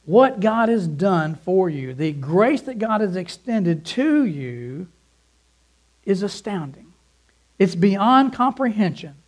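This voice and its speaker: High-voiced pastor preaching earnestly. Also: male voice, big pitch swings, slow pace, rough recording. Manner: earnest, pleading, rising to emphatic bursts. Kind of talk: sermon.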